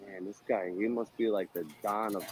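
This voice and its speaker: Guy narrating what he films on the street, cracking jokes, swearing a lot, loud and teasing. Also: lowish voice, moderate pace, slight background noise, low-quality recording. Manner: loud, profane and teasing, with bursts of mock excitement. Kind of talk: joking running commentary.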